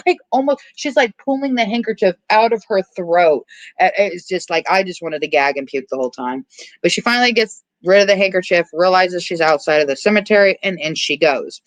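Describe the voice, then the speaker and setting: A podcast host casually recapping a horror movie's plot, animated and quick to swear. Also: medium pitch, no echo, rough recording. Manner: animated storytelling, frequent swearing.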